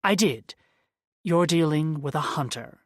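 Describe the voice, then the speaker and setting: Guy doing a stuck-up old shop owner, lecturing and droll, higher and louder, dry audiobook sound. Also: lively intonation, unhurried, no room sound. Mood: condescending. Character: snooty older male occult shopkeeper, disdainful. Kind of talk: audiobook character voice.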